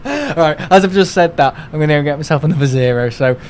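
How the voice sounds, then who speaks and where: A man's voice: on the high side, quick pace, a little hiss or hum, low-quality recording. A young man, chatting casually on a live stream, rambling and grumbling as he talks. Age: young adult. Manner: rambling, grumbling, mimics other people in asides.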